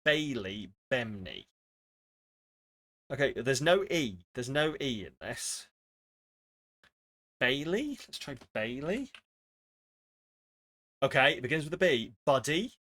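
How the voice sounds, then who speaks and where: A man's voice: mid-range voice, very animated, takes it slowly, long pauses, sharp tone. A man streaming live, chatting casually with his viewers and swearing freely while he plays word games. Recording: faint music behind.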